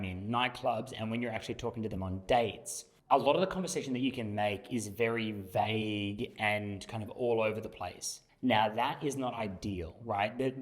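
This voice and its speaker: A young man as a dating coach, explaining emphatically and acting out examples. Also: fairly low pitch. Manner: emphatic, illustrates with acted examples. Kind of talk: explanatory talk to camera.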